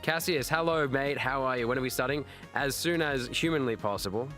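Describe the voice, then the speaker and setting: Aussie guy streaming, reading chat out, laughs a lot, sharp bright voice, faint music under it. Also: medium pitch, fairly quick. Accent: Australian. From Australia. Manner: chatty, laughing, swearing, reads chat aloud. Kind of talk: casual live-stream chat.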